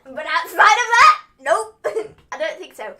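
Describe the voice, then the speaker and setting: Giggly, high, lively young woman. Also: a little slow, a little hiss or hum. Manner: giggly, teasing, trails off with fillers. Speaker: wrestling livestream co-host. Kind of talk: casual recap chat.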